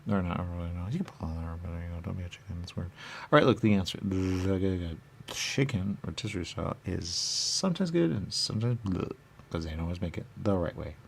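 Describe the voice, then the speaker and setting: Low gravelly rambling man. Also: lively intonation, fast. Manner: repetitive, answers his own questions; rambling and silly. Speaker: radio host. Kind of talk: rambling comic monologue.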